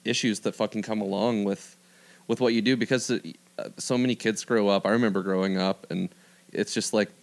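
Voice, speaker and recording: A young man speaking earnestly in a casual podcast chat, halting and restarting as he thinks. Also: fairly low pitch, fairly even intonation, vocal fry.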